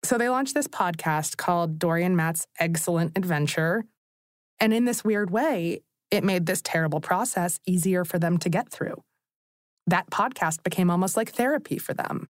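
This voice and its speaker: A woman's voice: on the low side, moderate pace, no echo, clean studio sound. A woman podcast host narrating conversationally and speaking straight to the listeners.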